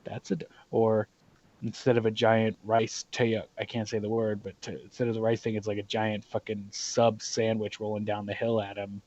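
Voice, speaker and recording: A man from the Southern US with a Southern accent, chatting excitably and swearing while playing a game. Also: on the low side, normal speed, dry recording. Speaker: let's play host. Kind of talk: casual gaming chat. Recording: dull lo-fi recording.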